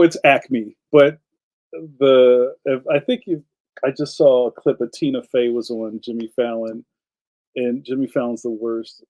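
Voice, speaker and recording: A Philadelphia man with a medium-pitched, dark voice runs a laid-back live stream, recorded in low quality on a streaming mic. He wanders between subjects and responds to comments from viewers.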